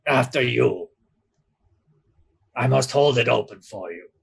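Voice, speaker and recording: Guy putting on a big polite doorman, thick foreign accent, formal broken english, a bit husky. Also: medium pitch, lively intonation, takes it slowly, exaggerated voice. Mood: courteous. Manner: formal, courteous, slightly broken phrasing.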